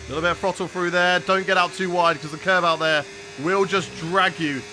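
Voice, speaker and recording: Bright-voiced streamer calling laps. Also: male voice, high voice, steady tone, brisk, a little hiss or hum. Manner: chatty, talks to chat while racing. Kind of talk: live gameplay commentary.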